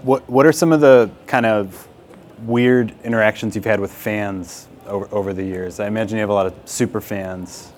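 A man's voice: lowish voice, steady tone, normal speed, darkish tone, slight background noise. A man co-hosting a talk show who asks his guest curious, hesitant questions. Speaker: host. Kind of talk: interview questions.

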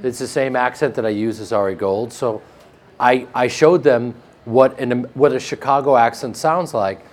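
A man with a flat Midwestern American accent, a guest actor telling joking stories in a casual interview. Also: medium pitch, normal speed. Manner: joking, animated storytelling with laughs.

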